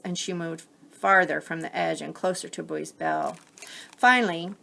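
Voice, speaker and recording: Teacher reading aloud: woman, lower voice, very slow, gentle explanations. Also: gravelly. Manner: gentle, pausing to explain the story. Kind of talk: reading a picture book aloud.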